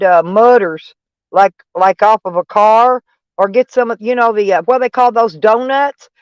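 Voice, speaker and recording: A woman's voice: on the high side, no room sound, lo-fi sound. A middle-aged woman chatting casually on a live stream, mocking and sarcastic toward trolls in her chat. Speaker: van life streamer.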